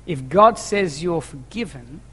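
A slightly high, pushed, and bright male voice with lively intonation delivers a sermon at a measured pace. The pastor addresses his congregation in a church hall emphatically, repeating key phrases and asking rhetorical questions amid long, echoing reverb.

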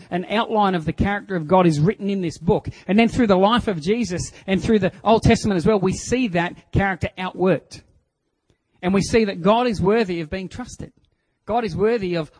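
A middle-aged Australian man preaching a sermon, telling stories and acting out voices, swinging from hushed to loud. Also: high voice, brisk, low-quality recording. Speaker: pastor.

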